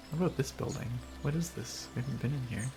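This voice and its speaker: A man casually chatting and laughing as he streams a game, rambling between thoughts. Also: mid-range voice. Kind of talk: casual gameplay commentary.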